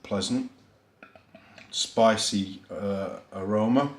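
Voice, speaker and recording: Speaking extremely slowly at a fairly low pitch, a Yorkshire-accented man gives a rambling, chatty beer review on his vlog, poking fun at himself and using plenty of fillers. It's recorded in an echoey room.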